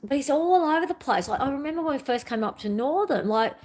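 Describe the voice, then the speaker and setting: Middle-aged woman, fairly high voice, raw and earnest spiritual vlogger, repetitive confessional delivery. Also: animated, fast, a little mellow. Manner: earnest, repetitive, pouring out her feelings. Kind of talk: emotional confessional monologue.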